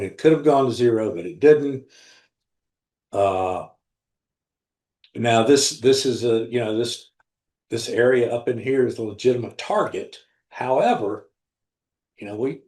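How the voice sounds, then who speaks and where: A man hosting a live trading room, talking through charts in a deliberate, blunt way and often repeating himself. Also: on the low side, darkish tone. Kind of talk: live market commentary over charts. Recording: roomy echo.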